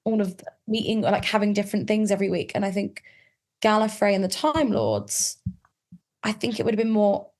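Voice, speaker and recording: A woman's voice: mid-range voice, animated, brisk, a little mellow. A woman guest on a casual podcast chat, talking in a chatty, reflective way and often qualifying herself.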